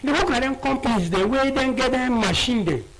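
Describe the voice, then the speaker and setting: Lively gravelly Sierra Leonean Krio man. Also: extremely high pitch, fairly quick, a little hiss or hum, low-quality recording. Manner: lively, explanatory, repeats key words. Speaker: audiologist guest. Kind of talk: explaining on a radio health show. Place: radio studio.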